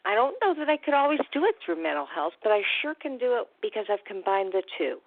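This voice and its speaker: A woman's voice: on the high side, fast, no echo. Upbeat woman on a tinny line. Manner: chatty, lively and upbeat, with fillers. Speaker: recovery coach and radio show host. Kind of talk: radio talk-show monologue. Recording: tinny phone-line sound, dry.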